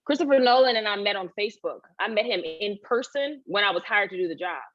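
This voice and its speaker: A woman actress in a casual interview, telling animated stories, acting out what people said and laughing often. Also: medium pitch, fast, no room sound. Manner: animated storytelling, acts out quoted voices, laughs often. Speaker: actress, guest. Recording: dull lo-fi sound.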